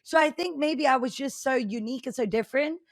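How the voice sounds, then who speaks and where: A woman's voice: brisk, no room sound. Chatty woman with a South African-Australian accent. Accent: South African mixed with Australian. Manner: chatty, high energy, animated storytelling. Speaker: podcast guest, game streamer. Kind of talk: casual interview talk.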